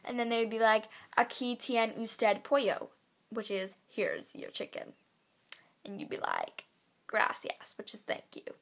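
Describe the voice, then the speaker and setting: A teenage girl vlogging at home into her camera's built-in mic, chatty and full of fillers, drawing her phrases out slowly. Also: mid-range voice, huge pitch swings, creaky. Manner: chatty, filler-heavy, drawn-out slow phrasing. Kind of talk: casual vlog, teaching basic Spanish phrases. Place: home, indoors.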